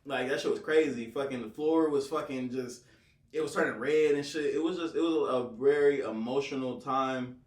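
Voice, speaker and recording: A man's voice: mid-range voice, normal speed. A young man from California, a rapper talking casually in an interview, telling laid-back slangy stories full of swearing. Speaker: rapper guest. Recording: roomy, off-mic distant sound.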